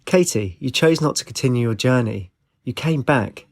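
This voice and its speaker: A man's voice: medium pitch, expressive, normal speed, no room sound, studio quality. A man whispering as a secretive young doctor, whispered role-play.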